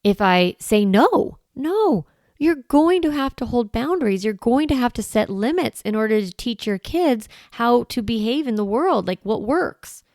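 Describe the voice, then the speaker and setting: A parenting coach with a slightly high, darkish voice speaks a little slowly but with lively intonation, recorded in clean studio sound with no room noise. Talking solo to camera, she shifts into a firm, strong voice to act out lines parents can say to their kids.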